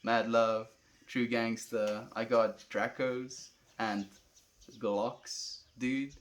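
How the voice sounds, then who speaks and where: A young man with a South African accent, livestreaming and reading chat aloud in a calm, laid-back way, often calling viewers friend. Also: medium pitch, extremely slow.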